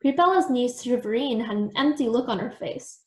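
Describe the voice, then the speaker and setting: A woman with a high voice reads a children's storybook aloud, narrating with expression. The sound is echoey, as in a bare room. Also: lively intonation, moderate pace. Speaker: storytime reader. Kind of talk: reading a children's book aloud.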